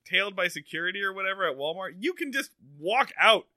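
Lively bright-voiced man joking around. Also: high voice, dry recording, studio quality. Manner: joking, riffing, quick asides. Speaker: podcast co-host. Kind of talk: casual comedic chat.

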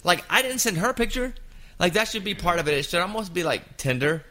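Animated man telling a funny story. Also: high-pitched, quick pace. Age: 50s. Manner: animated, jumps into quoted voices. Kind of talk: casual storytelling chat.

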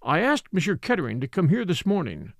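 Guy putting on a pompous french magistrate, polite but severe, gravelly, bouncy delivery. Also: high voice, sing-song, fairly quick, dry recording, lo-fi sound, full character voice. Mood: formal. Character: pompous middle-aged male French magistrate. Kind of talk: audiobook character reading.

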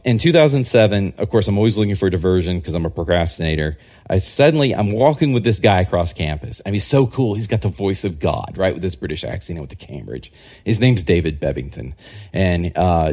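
A man with a somewhat low voice talks in a relaxed, unscripted way as a podcast guest. He rambles through long anecdotes, restarting sentences and briefly acting out what other people said. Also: fairly quick. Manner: rambling, animated anecdotes that act out quoted people. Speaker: guest historian and religious scholar. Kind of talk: casual podcast interview storytelling.

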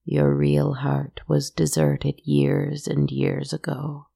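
A woman voicing a cruel, mocking witch who speaks in a slow, hushed croak. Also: sits low, monotone, no room sound, clean studio sound, full character voice. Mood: menacing. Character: cruel mocking witch, hag shedding vermin.

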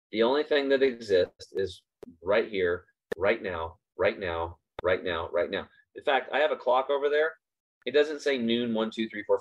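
Guy hosting a motivational talk, really emphatic, hammers his points over and over, kinda dull lo-fi sound. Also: mid-range voice. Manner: emphatic, repeats points for stress. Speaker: host. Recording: slightly dull lo-fi recording.

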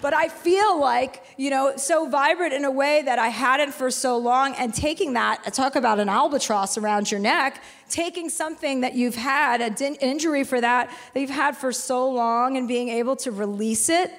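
A woman in her forties tells stories frankly, with a good deal of profanity. Her voice sits a little high, and a long reverb from a large hall trails after her words. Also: moderate pace, hardly any pauses. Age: 40s. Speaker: author guest on stage. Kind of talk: candid live conversation.

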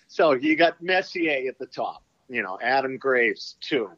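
A man's voice: mid-range voice, expressive, measured pace, a bit bright, no echo. A man, a former pro hockey player, telling a blunt, profane story as a podcast guest. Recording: dull, lo-fi podcast clip.

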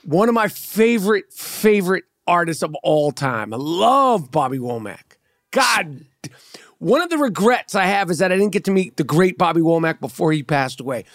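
A man hosting a podcast, telling a story in a teasing, profane, animated way. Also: sits high, moderate pace, no echo, studio quality. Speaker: podcast host. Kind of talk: casual podcast banter.

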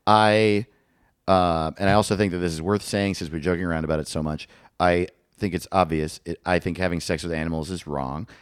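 A man's voice: deep voice, fairly even intonation, brisk, clear, resonant tone, no room sound, clean studio sound. A man co-hosting a podcast in crude comedic banter, riffing on absurd bits and laughing often. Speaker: podcast co-host.

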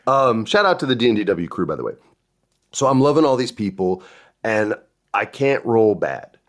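A man's voice: on the low side, normal speed. A man hosting a podcast, telling stories in a casual chat and acting out the voices of the people he quotes. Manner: animated, acts out quoted voices. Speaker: podcast host.

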